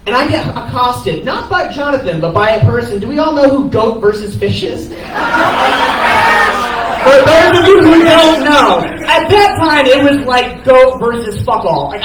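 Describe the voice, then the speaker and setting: High-voiced man telling a comic eulogy. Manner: animated and profane, laughing as he tells it. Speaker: stand-up comedian. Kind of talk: comedic eulogy storytelling. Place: comedy cafe stage, live. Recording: echoey room from far off, noisy.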